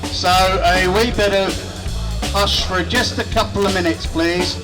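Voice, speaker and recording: Courteous MC over music. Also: male voice, high voice, fairly even intonation, measured pace, poor audio. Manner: formal, courteous. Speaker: event MC. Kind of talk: announcement to a crowd.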